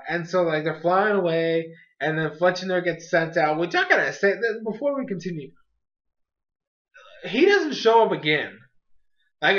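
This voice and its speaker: A man talks through an episode review in a loose, rambling way, full of fillers and amused asides. His voice sits a bit high for a man. The recording is muffled and lo-fi. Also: fairly bright tone. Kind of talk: casual spoken review.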